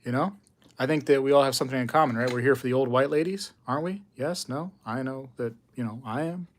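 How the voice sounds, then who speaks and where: A man's voice: medium pitch, fast talker. A man hosting a casual coin-collecting livestream, chatting with viewers, reading their messages and laughing often. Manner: chatty, reads and answers chat, laughs often; animated storytelling. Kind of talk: casual live-stream chat with viewers.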